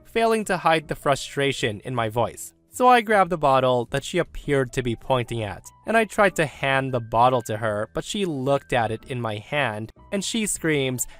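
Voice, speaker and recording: A man narrating a dramatic retail story, expressive and exasperated. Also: medium pitch, moderate pace, hardly any pauses, soft background music.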